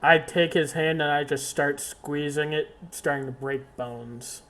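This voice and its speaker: A man's voice: fairly high pitch, fairly even intonation, a little slow, a bit bright. A man playing a tabletop game, brash and swearing as his character. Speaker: player.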